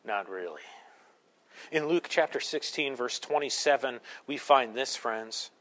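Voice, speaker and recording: A man's voice: medium pitch, animated, a little slow, fairly bright tone. A man preaching a sermon to his congregation in a conversational way, with joking asides and acted-out quotes. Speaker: pastor.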